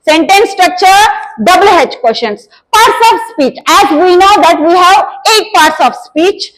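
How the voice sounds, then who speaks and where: Very high-voiced Indian English woman teacher. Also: expressive, unhurried, a bit bright, low-quality recording. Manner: explanatory, repeats "nothing but" to define terms. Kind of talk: classroom lecture on exam topics.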